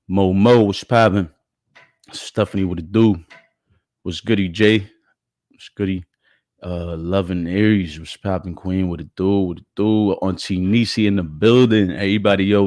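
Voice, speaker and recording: Male livestream host, very deep voice, congested, slangy, greets viewers. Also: a little mellow, no room sound, studio quality. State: stuffy nose, throat catching. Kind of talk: casual live commentary.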